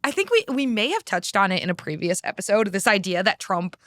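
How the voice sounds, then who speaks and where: A woman's voice: mid-range voice, big pitch swings, brisk, a bit bright, no room sound, clean studio sound. A young American woman co-hosting a podcast, chatting candidly about politics and swearing freely. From United States. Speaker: podcast co-host. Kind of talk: casual political chat.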